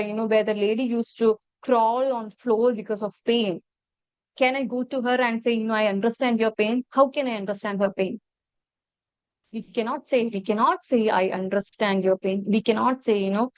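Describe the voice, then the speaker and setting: A woman with an Indian English accent teaching nurses in an online lecture, her voice a bit high and her delivery earnest, stressing rules again and again and checking with "right?" The sound is dry and close, a little dull like a video call. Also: dry recording. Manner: earnest, repeats key rules with rhetorical questions. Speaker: nursing trainer.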